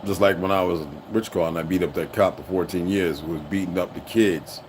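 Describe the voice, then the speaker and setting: A man's voice: low-pitched, steady tone, fast talker, background noise. Heated, profane man ranting on stream. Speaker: livestream host. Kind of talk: unscripted livestream rant.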